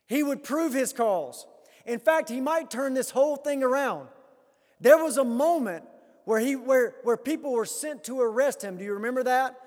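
A man preaching a sermon as a pastor, swinging between loud emphatic rises and quiet hushed lines. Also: high-pitched, big-room sound.

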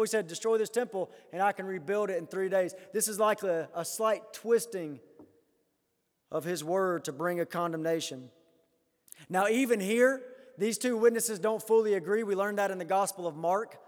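A man preaching a sermon as a pastor, swinging between loud emphatic rises and quiet hushed lines. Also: high voice, long reverb tail.

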